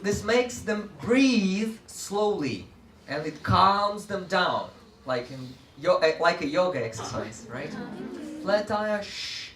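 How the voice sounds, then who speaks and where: A man presenting a workshop to teachers with lively energy, leading a live audience through group chants. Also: high-pitched, takes it slowly. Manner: animated, often laughing, leads group chants. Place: large room with a live audience. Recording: echoey room, far from mic, audience noise.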